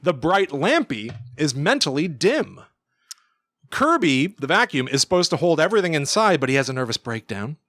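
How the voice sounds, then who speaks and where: A man's voice: on the high side, moderate pace, no room sound, studio quality. A man in his thirties co-hosting a podcast, retelling a story in casual chat and acting out bits of it. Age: 30s. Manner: animated storytelling, acting out lines with laughs. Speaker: podcast co-host.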